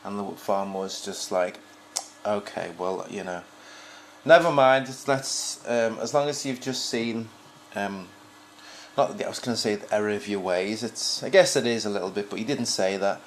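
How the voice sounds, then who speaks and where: A man's voice: on the low side, normal speed, a little hiss or hum. A man talking in a casual, reflective monologue, rambling with frequent restarts as a podcast host. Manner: rambling, many restarts and fillers, musing.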